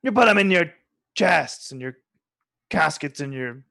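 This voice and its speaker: A game master describing the scene in a tabletop game, relaxed and easygoing. The voice is gravelly and bright, recorded close and dry with no room sound. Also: mid-range voice, unhurried, no echo. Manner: relaxed, laughing narration.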